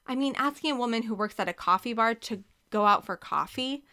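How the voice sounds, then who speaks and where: A woman's voice: on the high side, fairly quick, pushed and bright. A woman voicing Kevin, a nervous divorced professor who talks hesitantly and defensively.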